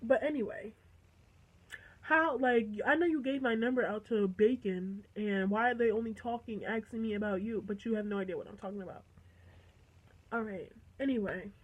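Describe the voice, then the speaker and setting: Animated teenage girl telling a story. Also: a little high, normal speed, low-quality recording. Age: teens. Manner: chatty, animated retelling with quoted dialogue and swearing. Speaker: vlogger. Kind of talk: casual storytime.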